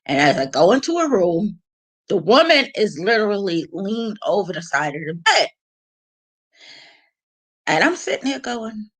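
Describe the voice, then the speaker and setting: A woman's voice: mid-range voice, big pitch swings, unhurried, long pauses, fairly bright tone, slightly rough. A woman vlogger telling casual stories in a frank, rambling way, laughing and restarting as she goes. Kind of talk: casual storytelling.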